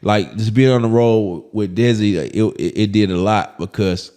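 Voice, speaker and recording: A comedian from Birmingham, telling stories in a casual interview, full of restarts and laughter. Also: male voice, lowish voice, normal speed. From Birmingham, Alabama. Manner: animated, repetitive restarts, laughing as he tells stories. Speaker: comedian guest.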